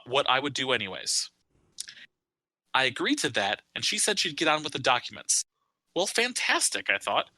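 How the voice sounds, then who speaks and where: Man, 30s, podcast co-host, reading aloud, crisp dry close sound, wry. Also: mid-range voice, bright, forceful tone, no room sound, poor audio. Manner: reads a long post steadily with wry asides. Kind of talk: casual podcast chat, reading a post aloud.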